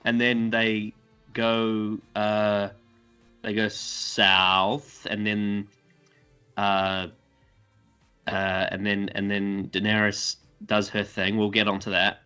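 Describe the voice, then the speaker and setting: A man in a casual podcast chat, rambling through a TV plot with lots of fillers and mocking quick impressions of the characters. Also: on the low side, flat delivery, sharp tone, smooth, faint music behind.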